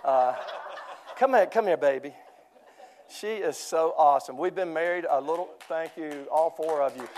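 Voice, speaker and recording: A man's voice: on the high side, moderate pace, background noise. An older man preaching a sermon in church, telling jokes and chuckling often. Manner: joking storyteller, chuckling often. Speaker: pastor.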